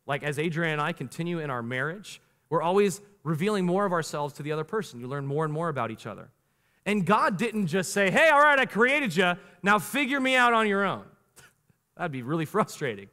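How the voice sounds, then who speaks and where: A man in his thirties preaching a sermon as pastor, animated, slowing down for emphatic lines and rushing through quick asides. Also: a little high. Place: church sanctuary. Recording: long reverb of a large church hall.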